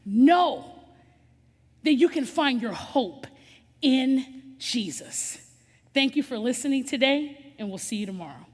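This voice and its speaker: Woman leading a kids bible lesson, high voice, long echo and a bit of music under it. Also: animated, takes it slowly, long pauses, a little hiss or hum. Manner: upbeat, coaxing, keeps asking "right?". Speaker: children's ministry host.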